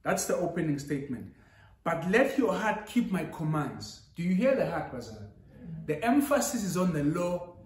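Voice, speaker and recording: A man's voice: fairly high pitch, big pitch swings, moderate pace. A man preaching a sermon with rising emphasis, switching into Zulu now and then. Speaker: pastor. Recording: echoey church hall.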